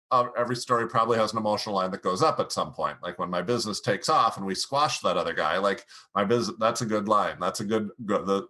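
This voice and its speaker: A middle-aged man, a podcast guest, explaining public speaking and demonstrating it by swinging his pitch and volume as he talks. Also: bright, forceful tone.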